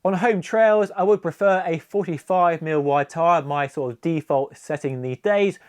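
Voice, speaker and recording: A man talking through a bike review in a measured, conversational way. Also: on the high side, clean tone, no room sound, clean studio sound. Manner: measured, conversational product comparison. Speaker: cycling reviewer.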